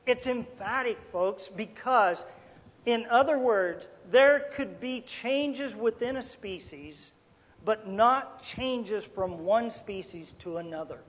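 A man's voice: high voice, lively intonation, slow pace, fairly bright tone, long reverb tail. A man preaching a sermon in a folksy, emphatic way, calling his listeners folks.

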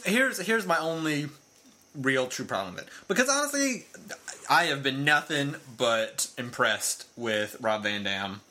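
A man co-hosting a casual podcast chat, playful and quick to laugh with jokey asides. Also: medium pitch, very animated, bright, forceful tone. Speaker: podcast co-host. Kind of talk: casual chat about wrestling.

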